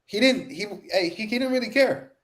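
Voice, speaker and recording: A man's voice: high-pitched, expressive, brisk, fairly bright tone. Emphatic man teaching scripture on the street. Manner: emphatic, slangy, repeats catchphrases.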